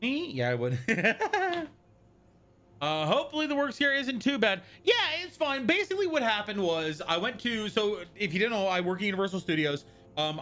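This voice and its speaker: Bright-voiced chatty male streamer. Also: high voice. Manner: rambling, chatty, reads and answers chat aloud. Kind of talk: casual live-stream chat.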